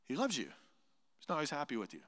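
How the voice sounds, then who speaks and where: A man preaching a sermon as pastor, animated, voicing imagined speakers and dropping to hushed asides. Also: a little high, fast talker, big-room sound. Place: church sanctuary.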